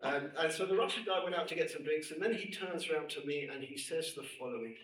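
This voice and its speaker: A middle-aged man, a rabbi, lecturing women students and telling a personal story with emphatic, animated delivery. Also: a little high, fast talker. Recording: echoey room, distant mic, faint noise.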